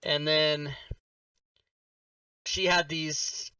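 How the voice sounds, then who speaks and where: A man hosting a casual chat, telling a childhood story in an animated, swearing way. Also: fairly high pitch, very slow, smooth, no room sound. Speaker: host. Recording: distant, dull-sounding mic.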